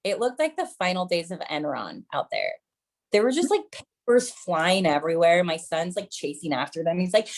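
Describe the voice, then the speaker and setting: Lively, low-voiced woman comic. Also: moderate pace, gravelly. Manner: chatty, keeps calling the crowd "you guys"; self-mocking mom jokes. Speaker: stand-up comedian. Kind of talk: stand-up set.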